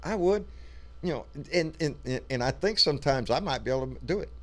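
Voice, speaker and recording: A man co-hosting a casual political live stream from a room at home, jokey and animated, breaking into loud mock shouts. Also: on the high side, brisk.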